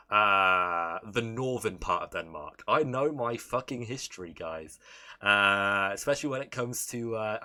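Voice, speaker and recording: A man's voice: mid-range voice, sharp tone. A young British man hosting a livestream, ranting casually with lots of profanity and sarcasm. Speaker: livestream host.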